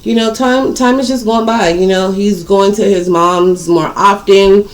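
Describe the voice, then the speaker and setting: A woman at a middling pitch tells a personal story straight to her viewers. She talks bluntly and loosely, full of slang and profanity. She repeats words to drive her points home. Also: fairly even intonation, measured pace. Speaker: storytime vlogger.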